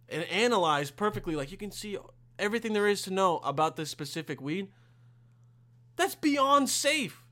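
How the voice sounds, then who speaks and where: Profane high-voiced young podcast guy. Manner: profane, rambling, bursts into loud outbursts. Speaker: podcast host. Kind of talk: casual solo podcast rant.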